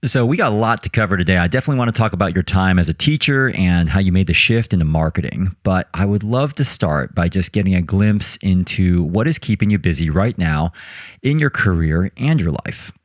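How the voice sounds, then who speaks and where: A man's voice: low-pitched, animated, brisk, no room sound, studio quality. A man hosting a career podcast, reading a polished, upbeat intro and then interviewing his guest. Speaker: podcast host.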